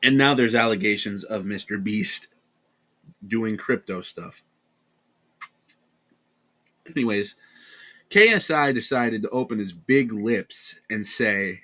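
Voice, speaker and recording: A tired young man with an American accent rambles through a casual commentary, sarcastic and quick to correct himself. His voice sits a little low but sounds bright and forceful. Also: expressive. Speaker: commentary channel host.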